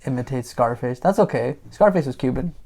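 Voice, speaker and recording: A man's voice: medium pitch, lively intonation, a little fast, mellow. A man appearing as a podcast guest, speaking bluntly with crude slang. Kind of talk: casual chat.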